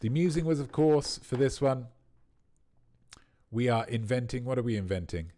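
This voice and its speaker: A man's voice: mid-range voice, expressive, moderate pace, warm tone, slight background noise. A man hosting a quiz livestream, riffing playfully and at length on viewers' answers. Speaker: quiz host.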